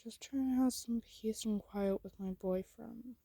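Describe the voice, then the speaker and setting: Whispered role-play: a curt, quiet schoolgirl girlfriend, read by a woman, mellow and husky. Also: on the high side, a little slow, no echo, exaggerated voice. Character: quiet irritated young student girlfriend.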